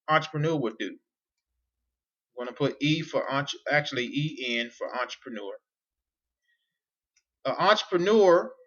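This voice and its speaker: Man, bright forceful voice, emphatic and repetitive, whiteboard lesson, dull lo-fi sound. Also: a little high. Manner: repetitive, emphatic, asks rhetorical questions. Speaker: online business coach. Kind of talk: whiteboard teaching monologue.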